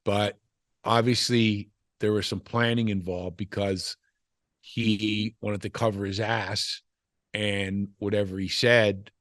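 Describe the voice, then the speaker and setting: A man's voice: lowish voice, little pitch movement, slow pace, fairly bright tone, dry recording, clean studio sound. An older man, a former wrestler, telling stories in a casual interview, rambling with frequent restarts and "you know" asides. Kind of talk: casual storytelling chat.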